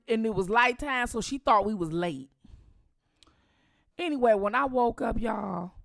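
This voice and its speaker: A middle-aged woman, telling a story to her viewers in a profane, animated way. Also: mid-range voice. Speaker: channel host.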